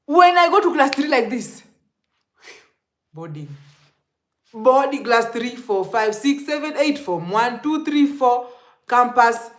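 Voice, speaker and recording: A young Kenyan woman with a Kenyan accent telling stories to camera in an animated way, laughing and dropping to hushed asides. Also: a little high, slow pace, long pauses. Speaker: vlogger. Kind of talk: casual storytelling to camera. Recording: echoey room.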